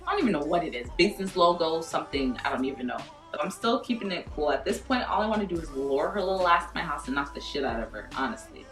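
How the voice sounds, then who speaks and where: A young woman tells a storytime vlog in an animated, profane way and acts out the lines people said. Her voice sits a little low and sounds far from the mic. The room is echoey, with faint music underneath. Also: brisk. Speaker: vlogger.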